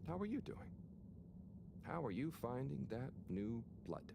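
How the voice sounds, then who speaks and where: An actor playing a shy, tired young man who mutters to himself and talks to his pet fish in soft, half-whispered asides, in a video game. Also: medium pitch, sing-song, measured pace, gravelly, noisy background. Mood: muttering. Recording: game audio with ambience.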